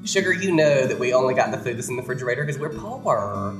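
A weary, poor mama in a low voice, as a woman puts her on. She talks soothingly but rushes through her words, and the sound is roomy, with music underneath. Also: very animated. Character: weary poor mother talking to her child.

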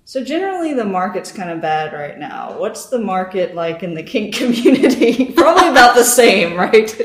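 A woman interviewing a guest, asking relaxed, hesitant questions with plenty of fillers. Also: medium pitch, moderate pace. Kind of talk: casual interview. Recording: roomy echo.

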